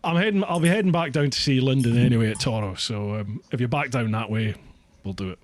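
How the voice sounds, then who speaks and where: Scottish male podcast host, relaxed and self-mocking, mid-pitched. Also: quick pace. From Scotland. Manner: chatty, laughs often, self-deprecating. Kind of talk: casual chat.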